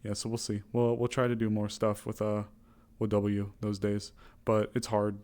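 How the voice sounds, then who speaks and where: A man with a somewhat low voice chats casually on stream between roleplay scenes. He hesitates, restarts his sentences and laughs often. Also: monotone, normal speed, darkish tone. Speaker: streamer playing a roleplay NPC. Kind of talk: casual chat.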